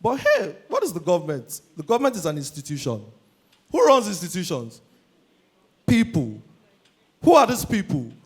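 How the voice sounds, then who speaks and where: Husky, animated Nigerian comedian shouting. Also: male voice, high-pitched, normal speed, pauses often. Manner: energetic, shouting punchlines, switching into Pidgin for acted voices. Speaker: stand-up comedian. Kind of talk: stand-up comedy routine. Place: live comedy stage before an audience.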